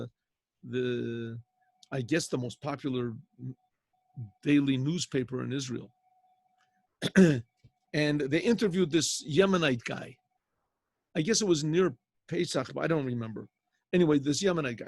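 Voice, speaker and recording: An older rabbi with a slightly high, gravelly voice and a breathy edge leads a casual Torah class online over a video call. He tells a story with quoted voices, weaving in Hebrew terms, and the recording is dry.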